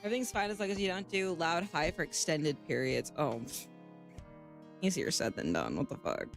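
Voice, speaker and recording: A woman's voice: low voice, lively intonation, a little fast, soft background music. A woman streaming live, chatting casually and reading a visual novel aloud, laughing often and swearing freely.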